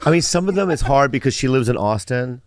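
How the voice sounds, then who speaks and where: A man's voice: mid-range voice, expressive, quick pace, no echo, studio quality. A man in his fifties on a comedy podcast, chatting casually in a rambling, stammering, self-mocking way. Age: 50s. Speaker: podcast co-host.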